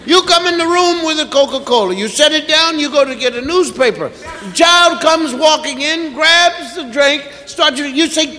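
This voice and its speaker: A man performing a stand-up routine before a live audience, acting out parents and children with rapid repeated phrases. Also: very high-pitched, animated, sharp tone, a little hiss or hum. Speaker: stand-up comedian. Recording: echoey hall with audience.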